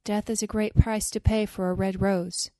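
A woman's voice: mid-range voice, little pitch movement, moderate pace, mellow, dry recording, studio quality, lightly acted. A woman voicing a small, devoted female nightingale in a storybook reading, earnest and pleading.

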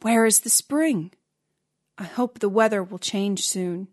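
A woman voicing a selfish male giant in a storybook, in a plain, loud reading voice. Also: medium pitch, a little slow, close to an everyday voice. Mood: wistful. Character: selfish male giant, gruff then lonely.

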